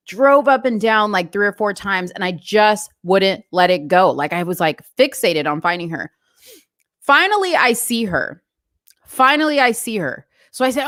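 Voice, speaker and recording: Female vlogger, casual storytelling rant, slightly high, dry close sound. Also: normal speed, no echo. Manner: chatty, animated retelling with asides.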